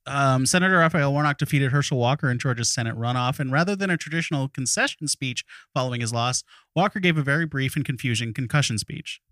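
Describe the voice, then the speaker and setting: A man reading jokes and giving notes in a casual writers' room, in an animated way. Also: medium pitch, quick pace, hardly any pauses, no room sound, clean studio sound. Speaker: comedy writer.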